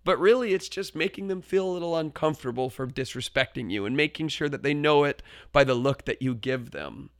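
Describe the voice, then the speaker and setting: A man, a teacher, telling a story about his classroom in an animated way, dropping to a hush for effect. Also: on the high side, fairly quick, hardly any pauses, no room sound, clean studio sound. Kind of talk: storytelling talk.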